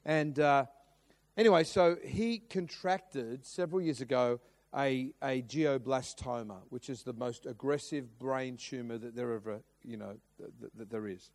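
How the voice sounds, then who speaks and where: A man's voice: medium pitch, unhurried. A middle-aged man preaching a sermon, telling a story with lots of restarts and acted-out quotes. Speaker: pastor.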